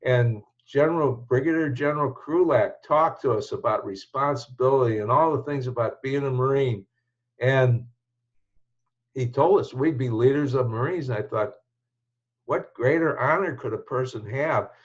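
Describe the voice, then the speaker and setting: A man's voice: medium pitch, moderate pace, dull audio. Older man telling a reflective life story. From United States. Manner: reflective, rambling, with restarts and chuckles. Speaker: show host telling his life story. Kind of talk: casual personal storytelling.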